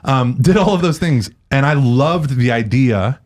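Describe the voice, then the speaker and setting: A man's voice: mid-range voice, a little slow. A man chatting as a podcast guest, telling stories animatedly and often slipping into other people's voices. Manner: animated storyteller, does voices and laughs often. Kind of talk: casual chat.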